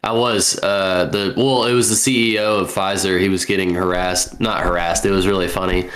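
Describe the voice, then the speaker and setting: A man's voice: low-pitched, little pitch movement, moderate pace, a bit bright. A young man co-hosting a podcast, talking bluntly in casual chat with hesitant fillers and free swearing. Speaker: podcast co-host.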